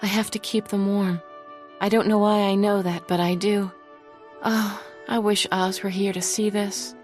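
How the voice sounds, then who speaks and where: A woman voicing a tired, tender teenage girl with wings who has just become a mother, speaking softly and intimately. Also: medium pitch, flat delivery, a little slow, soft background music, natural voice.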